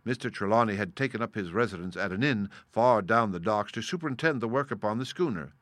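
A man reading a classic adventure novel aloud as an audiobook, in steady, measured storytelling narration. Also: fairly low pitch, no echo. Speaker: audiobook reader. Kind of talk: scripted narration.

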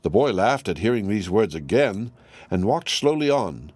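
Male storybook narrator, low voice, measured pace, dry close sound. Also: big pitch swings, a little mellow, husky, dry recording. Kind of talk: storybook reading.

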